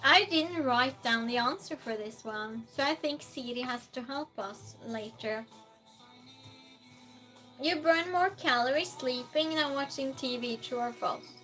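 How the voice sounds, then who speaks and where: A woman hosting a quiz game on her live stream, reading chat messages aloud in a casual way, sometimes loud and sometimes dropping almost to a whisper. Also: sits high, faint music behind. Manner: reads chat aloud, slow and chatty, swings between loud outbursts and soft near-whispers.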